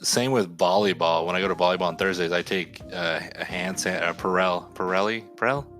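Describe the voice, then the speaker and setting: A man's voice: sits low, brisk, fairly bright tone, faint music behind. A man co-hosting a podcast, talking in a rambling, emphatic way and repeating himself in casual chat. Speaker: podcast co-host. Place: home studio.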